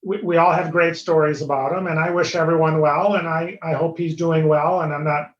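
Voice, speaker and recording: A middle-aged man talks casually as a guest, pausing often and filling gaps with small hesitations. His voice is slightly higher than most men's. It comes through a roomy, muffled remote connection. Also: steady tone. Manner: hesitant, lots of fillers. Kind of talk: casual chat. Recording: roomy, dull remote audio.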